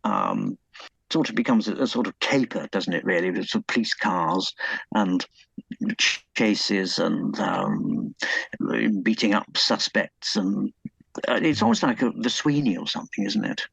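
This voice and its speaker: A man's voice: fairly low pitch, sing-song, unhurried, gravelly, a bit bright, breathy edge, no room sound, rough recording. A man being interviewed about his book, hesitant and full of fillers and restarts, enthusing about old films. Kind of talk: conversational interview.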